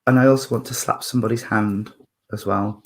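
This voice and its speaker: A man working as a spiritualist medium at a church service, talking gently and hesitantly with many fillers, restarts and apologies. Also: on the low side, steady tone, fairly quick.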